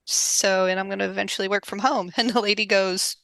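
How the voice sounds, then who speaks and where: A middle-aged woman telling workplace stories as a podcast guest, animated and laughing often, acting out the people she quotes. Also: mid-range voice, brisk, gravelly, dry recording. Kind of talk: casual storytelling interview.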